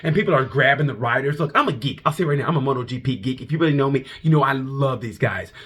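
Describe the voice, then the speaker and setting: Husky man ranting casually. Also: mid-range voice, fast talker. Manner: animated, rambling, profane, repeats restarts. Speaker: comedian reviewing motorcycle races. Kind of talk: casual monologue review.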